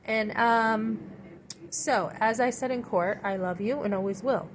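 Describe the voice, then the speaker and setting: A woman's voice: medium pitch, moderate pace. A middle-aged woman in a rambling personal monologue, full of fillers and restarts. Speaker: vlogger. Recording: noisy background.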